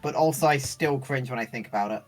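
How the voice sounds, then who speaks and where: Animated swearing storyteller woman. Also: rumbling low, quick pace, faint music behind. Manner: animated, swears, acts out quoted voices. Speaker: streamer telling stories while playing. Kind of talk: casual storytelling chat.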